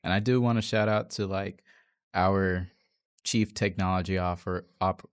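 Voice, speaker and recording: A man's voice: deep voice, steady tone, measured pace, smooth. A man in a casual conversation who speaks earnestly and often agrees with the other speaker. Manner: affirming, often says "right", earnest.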